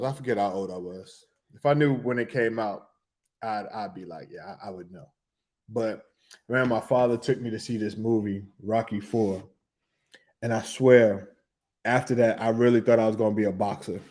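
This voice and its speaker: A middle-aged man hosting a podcast, telling a loose, animated story in casual slang, with laughs and restarts. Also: medium pitch. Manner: animated, humming tunes and acting out reactions. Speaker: podcast host.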